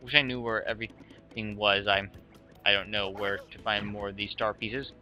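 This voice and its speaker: A man's voice: on the low side, level tone, moderate pace, pushed and bright. A man casually commentating a game playthrough in a laid-back, rambling, self-deprecating way. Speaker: let's play host. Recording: dull lo-fi with music.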